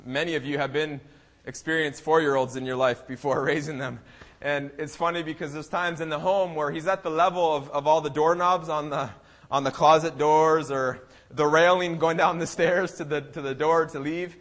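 A young man preaching a sermon, who acts out the people of the story and breaks into loud cries. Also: on the high side, steady tone, moderate pace. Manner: dramatic, acts out the people in the story, bursts into shouted pleas.

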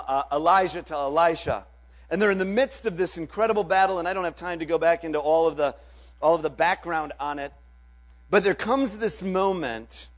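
A man preaching a Sunday sermon as pastor, swinging from loud declarations to hushed, drawn-out words. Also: sits high. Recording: dull lo-fi with mains hum.

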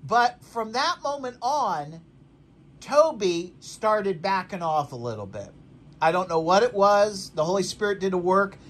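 A male pastor co-hosting a casual faith podcast. His pitch swings widely as he tells animated stories, and he laughs often while he talks. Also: a little slow. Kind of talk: casual faith chat, storytelling.

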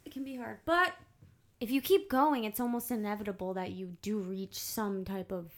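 A woman hosting a podcast in casual conversation, candid and animated, swearing freely and acting out her own inner voice. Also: medium pitch, normal speed. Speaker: podcast host.

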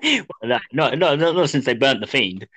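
A man's voice: mid-range voice, sing-song, normal speed, a bit bright. A man co-hosting a casual wrestling chat, giving laid-back, understated replies. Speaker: podcast co-host.

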